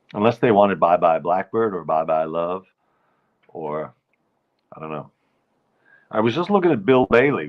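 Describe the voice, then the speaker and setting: The audio is dull, and the man's voice sits low. Hosting his nightly live show, he chats and rambles casually, greets viewers by name, and keeps cutting in on himself.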